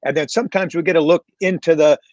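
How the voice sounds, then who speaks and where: A man's voice: a little high, fast, no echo, dull audio. A man on a panel talking reflectively, with many fillers and restarts. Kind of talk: casual panel talk.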